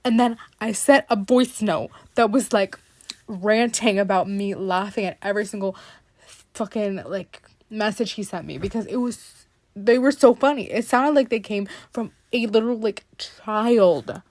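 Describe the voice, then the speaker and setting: A woman's voice: mid-range voice, unhurried, darkish tone, dry recording. A young woman hosting a podcast, telling stories in a rambling, dramatic way and laughing often. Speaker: podcast host. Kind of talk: casual podcast monologue.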